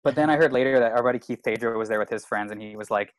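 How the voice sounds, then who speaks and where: A man's voice: mid-range voice, very fast, dry recording. Rambling, profane man. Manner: rambling, profane, full of "like" fillers. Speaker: stand-up comedian. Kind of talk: casual podcast storytelling.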